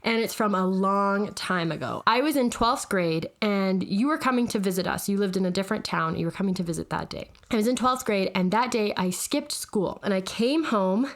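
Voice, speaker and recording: A woman's voice: medium pitch, moderate pace, few pauses. A woman in her thirties, co-hosting a podcast, telling a funny story in casual chat and laughing as she goes. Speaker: podcast co-host.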